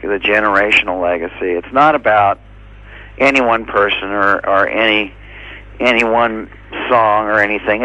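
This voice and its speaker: A man being interviewed as a drummer, speaking in an easygoing, halting way with lots of fillers. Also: lowish voice, sharp tone, lo-fi sound. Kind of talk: casual interview answers.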